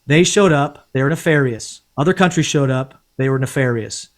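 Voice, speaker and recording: A man's voice: mid-range voice, moderate pace. A man, a former Green Beret, telling stories casually as a podcast guest, blunt and profane. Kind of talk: casual storytelling.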